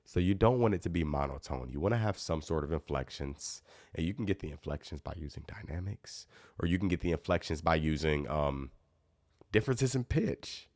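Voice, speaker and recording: A man with an extremely deep voice teaching guitar in a laid-back live Q&A. He talks in a loose, friendly way and answers viewer comments as he goes. The sound is close and dry, with no room echo. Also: brisk. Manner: relaxed, chatty, reads out viewer comments. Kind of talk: casual live Q&A stream.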